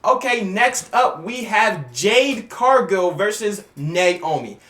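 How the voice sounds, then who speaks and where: A man making casual wrestling predictions in an excitable, slangy way, acting out scenes as he goes. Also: high voice, slow, reverberant. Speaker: YouTuber giving wrestling predictions.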